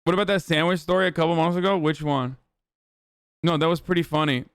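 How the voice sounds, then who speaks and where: A man's voice: on the high side, fairly even intonation, fast talker, clear, resonant tone, no echo, studio quality. A male streamer giving casual, sarcastic and profane commentary on the news.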